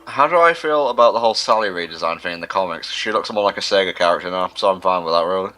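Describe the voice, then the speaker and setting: A man's voice: deep voice, fast, bright, forceful tone. A man co-hosting a casual gaming livestream, chatty, reading viewer questions aloud and commenting on the game. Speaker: livestream co-host reading chat.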